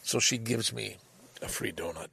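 A man's voice: fairly low pitch, moderate pace, vocal fry, pushed and bright, slightly rough. An older man telling a rambling, exasperated story in a casual monologue, swearing freely. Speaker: vlogger.

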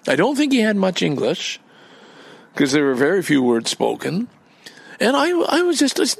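A man with a gravelly, husky voice talks off the cuff outdoors in a park. His pitch swings widely as he rambles, curses and turns indignant. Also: wildly swooping pitch, normal speed, no echo. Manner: rambling and profane, flaring up when indignant. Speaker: vlogger. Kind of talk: casual rambling monologue.

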